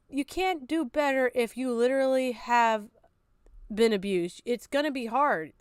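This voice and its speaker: A high-pitched woman talks straight into a dry, close mic during a reaction stream. Her commentary is blunt and profane, full of exasperated asides. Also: animated, measured pace, smooth, dry recording. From outside America.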